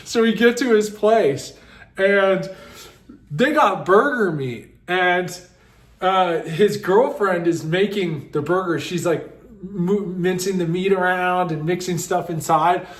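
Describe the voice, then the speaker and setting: A man casually telling a personal story, animated and often breaking into laughter. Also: high voice, takes it slowly, echoey room.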